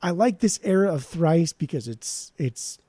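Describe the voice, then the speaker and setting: Warm-voiced enthusiastic podcast co-host man. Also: on the high side, lively intonation, a little slow, no echo. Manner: enthusiastic, rambling, swears freely. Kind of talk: casual chat about music.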